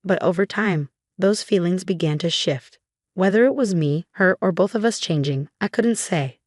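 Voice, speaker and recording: A woman reading a first-person story as narrator, in an even, measured way. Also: lowish voice, no room sound, studio quality.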